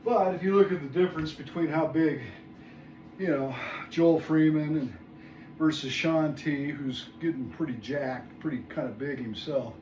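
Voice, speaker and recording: A man's voice: fairly high pitch, normal speed, darkish tone, far from the mic, lo-fi sound. A man in his sixties, out of breath, counting reps aloud during a workout vlog and groaning and muttering between sets. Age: 60s. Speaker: fitness vlogger. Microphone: phone camera set at a distance. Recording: echoey room, phone from afar, background noise.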